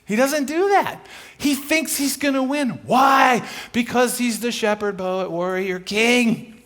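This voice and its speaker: A man preaching a sermon as a guest speaker, telling a story in a conversational, humorous way and acting out characters in quick asides. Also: very high-pitched, fairly bright tone.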